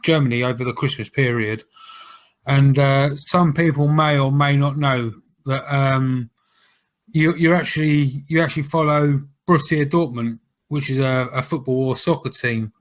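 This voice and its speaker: A man co-hosting a podcast, putting playful, deadpan questions to a guest with many fillers. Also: medium pitch, moderate pace. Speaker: podcast co-host asking questions. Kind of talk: casual chat.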